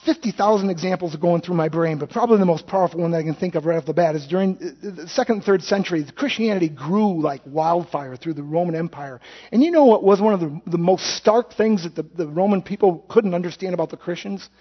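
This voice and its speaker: A man preaching a sermon, telling folksy stories with acted-out quotes and quick self-corrections. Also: high-pitched. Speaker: pastor. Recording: dull lo-fi sound.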